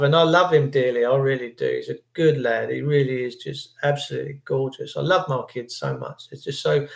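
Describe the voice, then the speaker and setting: Older man, livestream host, emotional rambling preaching, stumbles on words, fairly high voice, echoey room. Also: gravelly. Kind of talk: impassioned rambling livestream monologue.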